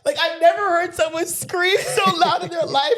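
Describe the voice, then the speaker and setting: A woman co-hosting a podcast, telling stories in a lively way and laughing through her lines in casual chat. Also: very high voice, moderate pace. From Canada. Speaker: podcast co-host.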